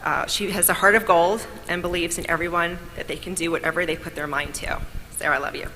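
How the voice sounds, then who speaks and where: A woman from New York gives an upbeat speech of thanks at an awards event. Her voice is bright and a little lower than most. A long hall reverb trails her words, with faint noise underneath. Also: fairly even intonation, fast talker. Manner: grateful, upbeat, storytelling. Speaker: award speaker.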